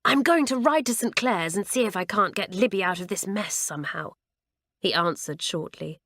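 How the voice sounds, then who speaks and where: A woman's voice: mid-range voice, moderate pace, fairly bright tone, no room sound, studio quality. A woman voicing a protective teenage boy in an audiobook, curt and hissing when angry. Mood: furious. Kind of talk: audiobook character reading.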